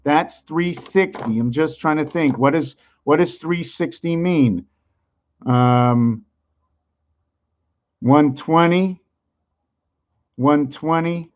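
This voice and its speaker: Musing man talking to himself, lo-fi. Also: medium pitch. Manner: musing aloud, rhetorical questions, counting numbers slowly; sometimes loud and worked up. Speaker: channel host. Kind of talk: rambling monologue vlog.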